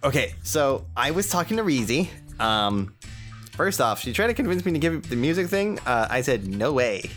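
A man's voice: mid-range voice, sing-song, normal speed, a bit bright, faint music behind. A man playing a tabletop role-playing game in a playful, sometimes exasperated way. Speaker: player.

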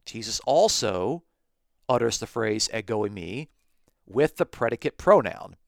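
A man hosting a podcast, reading Bible verses aloud and explaining them in a measured way, slowing down to stress key phrases. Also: lowish voice, very animated, gravelly, dry recording, clean studio sound. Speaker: podcast host teaching on scripture.

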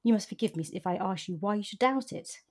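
A woman's voice: medium pitch, fast talker, a little mellow, lightly acted. A woman reading as a haughty Regency lady. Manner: chilly and haughty. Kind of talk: reading a novel aloud.

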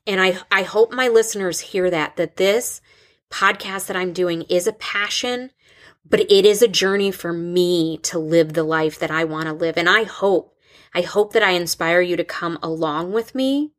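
A woman in her thirties, a school counselor hosting a podcast, talking in a halting, open way with many restarts. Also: on the low side, fairly bright tone. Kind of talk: casual podcast conversation.

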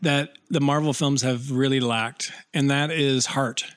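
A man in a loose, rambling podcast chat who laughs a lot and stretches his words out for comic effect. His voice sits mid-pitch and sounds dry and close, with no room echo. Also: fairly even intonation, smooth. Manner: rambling, laughs often, slows down to drag out a joke. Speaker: podcast co-host. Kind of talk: casual chat.

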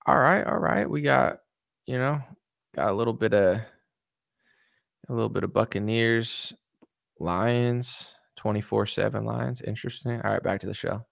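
An American man with a mid-range, gravelly, fairly bright voice speaks at a moderate pace, leaving long pauses. He's answering viewer comments in a casual reaction chat, rambling, blunt and defensive, with lots of fillers. The studio recording is clean with no echo.

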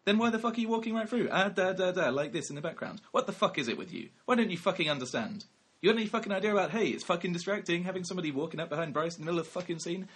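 A man impersonating a famous actor swearing furiously at a crew member during a shoot, his voice pushed high and loud. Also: lively intonation, very fast, few pauses, husky, heavily acted. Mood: furious rant.

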